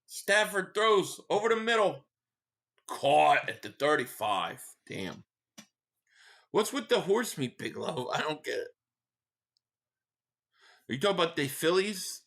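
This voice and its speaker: A man's voice: a little high, very animated, measured pace, vocal fry, pauses often, fairly bright tone. A man from the Philadelphia area live-streaming a football game, rambling in casual chat, reading out viewer messages and giving blunt fan opinions.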